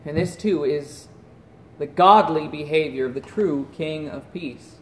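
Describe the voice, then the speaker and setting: High-voiced preacher in an echoey room. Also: male voice, a little slow. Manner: earnest preaching, dropping to a hush at solemn points. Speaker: pastor. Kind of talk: sermon.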